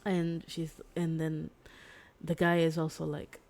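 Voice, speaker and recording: Young woman streamer rambling thru a story, kinda low voice, says like a lot, giggly. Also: unhurried. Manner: rambling, full of "like" and restarts; giggly, excitable. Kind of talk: casual chat retelling a story. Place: home streaming setup.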